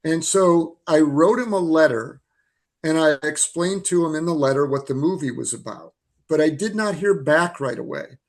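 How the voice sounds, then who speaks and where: A man in his sixties, a filmmaker being interviewed over a video call, telling stories in a lively, animated way. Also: on the high side, moderate pace. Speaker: filmmaker guest. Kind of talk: storytelling interview answers.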